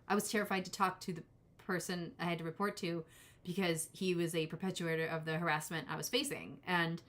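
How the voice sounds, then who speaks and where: A woman's voice: fairly low pitch, fairly bright tone. A woman in her forties giving a casual live-stream tarot reading, rambling and cutting herself off as she talks to her chat viewers. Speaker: tarot reader.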